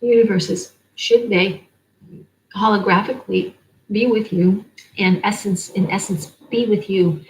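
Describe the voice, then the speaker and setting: A woman's voice: medium pitch, steady tone, a little slow, muffled recording. Rambling woman giving a spiritual reading. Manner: rambling, piles up lists of words. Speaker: oracle card reader. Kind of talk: spiritual card-reading monologue.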